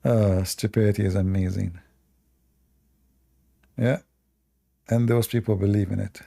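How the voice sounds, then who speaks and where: A man's voice: fairly low pitch, fairly even intonation, measured pace, gravelly, warm tone. A man with a non-native English accent, hosting a live debate stream with mocking, sarcastic asides. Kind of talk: casual livestream talk.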